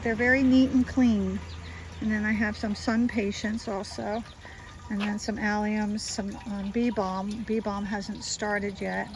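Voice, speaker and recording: A woman's voice: mid-range voice, little pitch movement, unhurried, slight background noise, rough recording. A woman with a South Jersey accent giving a casual walking tour of her suburban garden, chatty and enthusiastic as she points things out.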